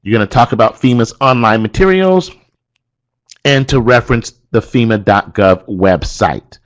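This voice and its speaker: A male trainer talks other instructors through a teaching module, his voice sitting at an ordinary middle pitch. He coaches with emphasis and circles back to repeat what matters most. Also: expressive, moderate pace. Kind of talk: instructional walkthrough.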